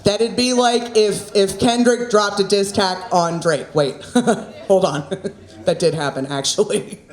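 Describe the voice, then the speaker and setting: A woman's voice: medium pitch, takes it slowly, faint music behind. A woman in her thirties doing open-mic stand-up, chatty and self-mocking, laughing at her own jokes. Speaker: stand-up comedian. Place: small comedy club, indoors. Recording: echoey club room with crowd laughter.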